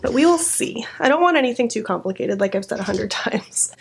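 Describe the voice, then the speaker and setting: Young female beauty vlogger, slightly high voice, casual and self-critical. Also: expressive, brisk, vocal fry, a little hiss or hum. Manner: chatty, self-critical, easily frustrated. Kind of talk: chatty makeup tutorial.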